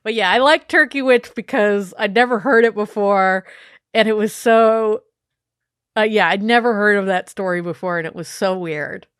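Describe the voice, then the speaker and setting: A woman's voice: mid-range voice, moderate pace, clear, resonant tone, dry recording. A woman co-hosting a podcast, chatting casually and telling a spooky story with acted-out voices and frequent laughter. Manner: animated, laughs often, acts out voices in stories. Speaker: podcast co-host. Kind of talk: casual chat, dramatic storytelling.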